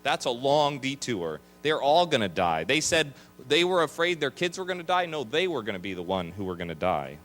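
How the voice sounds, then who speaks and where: A man preaching as a pastor, lively, with quick asides and acted-out complaining voices. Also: mid-range voice, soft background music. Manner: animated, acts out grumbling voices. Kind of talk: sermon. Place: chapel.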